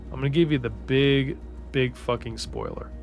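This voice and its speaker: A man giving a casual, rambling recap of a fantasy book series, swearing a lot and restarting sentences as he gets excited. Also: medium pitch, moderate pace, faint music behind. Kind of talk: casual spoiler-heavy story recap.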